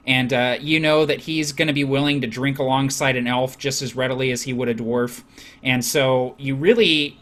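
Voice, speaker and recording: This mid-range male voice belongs to a tabletop game master who lays out each scene casually, leaning on lots of filler words.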